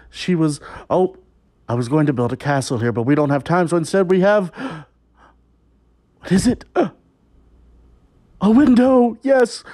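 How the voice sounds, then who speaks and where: A man performing a children's story, telling it in an exaggerated, melodramatic way with gasps and mock horror and talking straight to young viewers. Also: sits high. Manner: animated, jokey, talks straight to young viewers. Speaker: balloon artist and children's performer.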